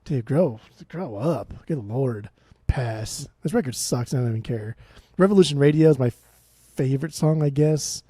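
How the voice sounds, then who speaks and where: Sarcastic, mellow-voiced podcast co-host man. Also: mid-range voice, animated, husky, no room sound, clean studio sound. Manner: sarcastic, profane, quick dismissive quips. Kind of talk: casual podcast chat, ranking albums.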